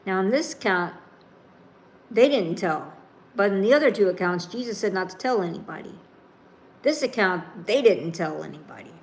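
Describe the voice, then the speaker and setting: A woman preaching a sermon, reading scripture and then explaining it in a slow, emphatic, informal way. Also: mid-range voice, lively intonation, slight background noise.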